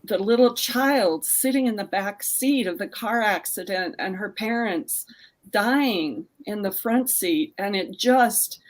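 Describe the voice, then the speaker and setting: A woman's voice: mid-range voice, takes it slowly. A woman, a mystery author, talking earnestly about a favorite book series over a video call. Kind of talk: casual conversation.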